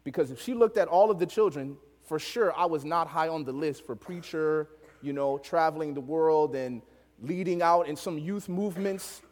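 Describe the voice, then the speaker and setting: A young man preaching, telling a story from his childhood in an animated way, laughing often and acting out the voices of the people in it. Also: on the high side, normal speed, long reverb tail. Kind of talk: storytelling sermon.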